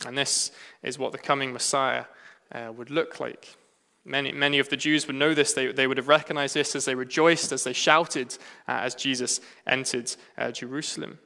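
English male preacher with gravelly halting delivery. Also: medium pitch, sharp tone. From England. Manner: halting, frequent "uh" fillers. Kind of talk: sermon. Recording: long hall reverb.

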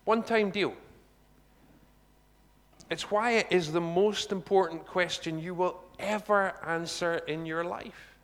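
A man giving a conversational sermon, animated and chatty, with asides to the congregation. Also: high-pitched, slow. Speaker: preacher. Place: church hall. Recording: long reverb of a large hall.

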